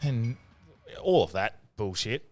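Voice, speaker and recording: A man's voice: lowish voice, lively intonation, slow, over music. A man co-hosting a podcast, giving his views in a blunt, profane rant during casual chat. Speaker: podcast co-host.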